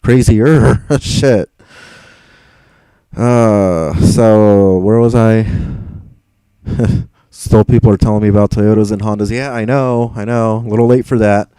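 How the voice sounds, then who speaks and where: A man's voice: fairly low pitch, fairly even intonation, slow pace, long pauses, dark tone, clear, resonant tone, no echo, low-quality recording. A young man live streaming and answering chat, frustrated and rambling, swearing and stumbling over repeated words.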